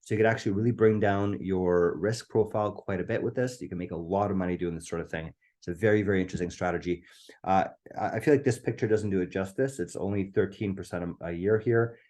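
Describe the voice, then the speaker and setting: A low, mellow-voiced man presenting a live online webinar into a computer mic. His voice is going a little hoarse. He talks eagerly and keeps tagging "right?" onto his points. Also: quick pace. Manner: enthusiastic, keeps asking "right?".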